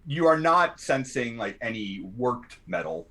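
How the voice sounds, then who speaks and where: A man's voice: medium pitch, expressive, measured pace, sharp tone. A man narrating as game master of a tabletop game, hesitant and full of fillers. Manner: hesitant, many fillers and restarts.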